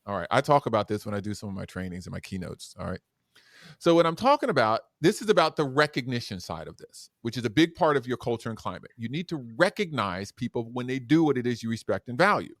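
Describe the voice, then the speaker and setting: A man who is a guest educator and speaker on a podcast interview, talking in an animated, demonstrative way that swings between loud and soft. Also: medium pitch, quick pace, no echo, clean studio sound.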